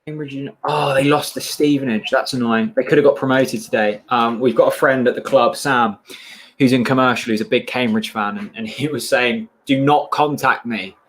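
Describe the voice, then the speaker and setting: A man's voice: medium pitch, fairly even intonation, brisk, fairly bright tone. A man co-hosting a charity livestream, chatting casually about football and reading out viewer comments. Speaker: livestream co-host.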